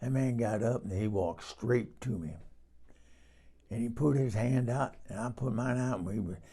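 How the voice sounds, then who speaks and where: A man's voice: medium pitch, normal speed, dark tone, husky. A man playing a bawdy older Southern woman who tells a comic story with swooning exclamations and asides. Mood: gossipy. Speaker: comedic character storyteller. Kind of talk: comic monologue in character.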